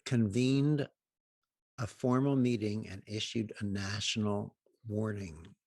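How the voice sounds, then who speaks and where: A man's voice: fairly low pitch, steady tone, slow, a little mellow, no echo. A man putting on the voice of a serious, formal male caller in a humorous anecdote. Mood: stern.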